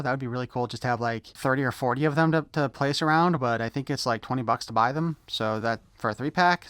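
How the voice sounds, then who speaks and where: A man's voice: mid-range voice, a bit bright, clean tone, no echo. Guy unboxing an action figure, chatty and all over the place, clean dry mic. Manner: rambling, self-correcting, easily sidetracked. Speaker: toy reviewer. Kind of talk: unboxing review.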